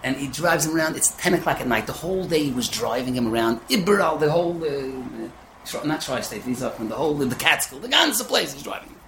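A man's voice: on the high side, a little fast, slight background noise. A man giving a Torah lecture, telling stories with words mixed in. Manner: animated storytelling peppered with Yiddish. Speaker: yeshiva lecturer. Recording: echoey room with faint ambience.

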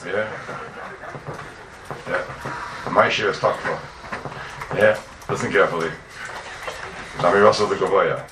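A man's voice: deep voice, steady tone, takes it slowly, long pauses, roomy sound, distant mic, background noise. A man teaching a class on religious texts, emphatic and full of rhetorical questions.

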